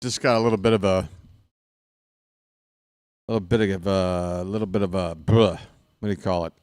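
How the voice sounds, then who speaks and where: A man calling a baseball game on his own stream, chatting casually between pitches and cracking small jokes. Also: fairly even intonation, a little fast, darkish tone, clean tone, dry recording. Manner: casual, self-deprecating, jokey between pitches. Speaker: fan play-by-play broadcaster. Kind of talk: solo baseball play-by-play with chatty asides.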